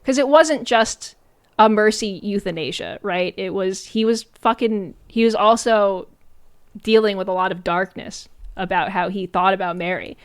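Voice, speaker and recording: A woman streaming and talking through a movie in a loose, sarcastic way, leaning on filler words as she goes. Her voice is smooth and clear, sitting at an ordinary middle pitch. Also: moderate pace. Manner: chatty and sarcastic, many fillers and "like"s. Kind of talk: casual stream commentary.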